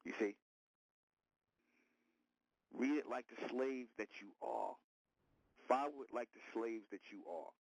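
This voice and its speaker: A man's voice: mid-range voice, animated, unhurried, pauses often, breathy edge, no room sound, low-quality recording. A man hosting an internet radio show, lecturing his listeners in a repetitive, confrontational monologue. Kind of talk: preaching monologue.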